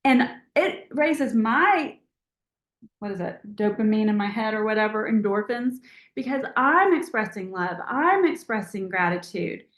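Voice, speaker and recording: A woman leads a team call with a chatty, encouraging, motivational manner. Her voice sits fairly high and carries a roomy echo. She speaks over a video call mic. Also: moderate pace. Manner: chatty, encouraging, animated with acted-out quotes. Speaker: team leader hosting a call.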